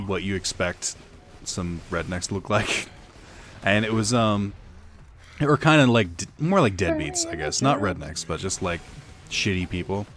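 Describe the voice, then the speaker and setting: A man's voice: low-pitched, lively intonation, normal speed, a crowd in the background. A young man streaming a game, chatting casually and telling a rambling story full of fillers. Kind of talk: casual chat while gaming.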